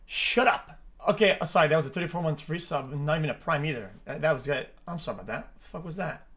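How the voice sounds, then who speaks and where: Young streamer, high voice, rapid profane rambling, repeats himself. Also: male voice, animated, a bit bright. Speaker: streamer reacting to a video. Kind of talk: live stream reaction commentary.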